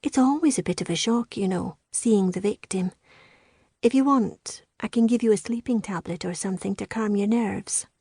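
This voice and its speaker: A woman's voice: mid-range voice, normal speed, mellow, breathy edge, no echo, clean studio sound. A woman voicing a kindly female medic with a Scottish accent, speaking in a soothing, motherly way. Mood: gentle.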